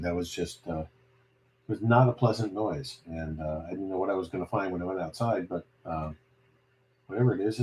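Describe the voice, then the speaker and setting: A man with a very low voice runs a casual amateur radio net. He talks in a relaxed, chatty way and laughs easily. A faint hiss of noise sits under his voice.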